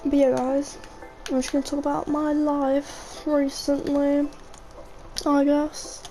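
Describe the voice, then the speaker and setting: A woman's voice: high voice, monotone, slow pace, warm tone, soft background music, low-quality recording. A chatty young woman, rambling casually over her gameplay and often saying "mate". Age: young adult. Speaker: gaming vlogger.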